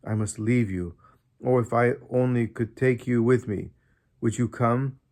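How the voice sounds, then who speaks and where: A man voicing an ill, tearful mother speaking softly and sorrowfully to her little daughter in a storybook reading. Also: mid-range voice, fairly even intonation, a little slow, lightly acted.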